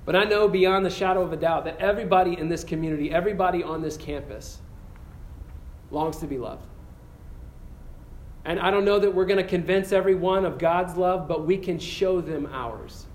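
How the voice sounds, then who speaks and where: A man giving an earnest campus sermon, telling a story with frequent restarts and ending in a slow, quiet prayer. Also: high voice. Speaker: campus pastor. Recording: echoey room with faint ambience.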